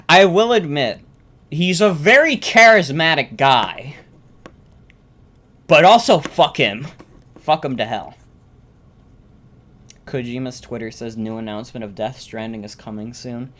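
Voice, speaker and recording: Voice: mid-range voice, fairly bright tone. A streamer chatting casually on a live reaction stream, ranting and swearing about games, often repeating themselves.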